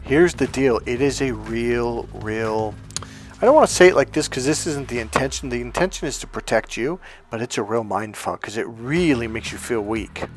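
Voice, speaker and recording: A man talking as a life coach in a loose, storytelling monologue. He gets animated, pitching up to act out the people in his stories, and swears bluntly along the way. Soft music plays faintly underneath, and his voice sits at an ordinary middle pitch. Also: normal speed. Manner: animated, acts out quoted people in raised voices.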